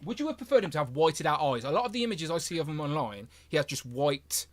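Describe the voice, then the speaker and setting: This livestream host is a young man from England, cheerful and talkative, who laughs a lot while going through comments from viewers. He speaks fast and very animatedly in a fairly high pitch, captured dry on headphones with a mic.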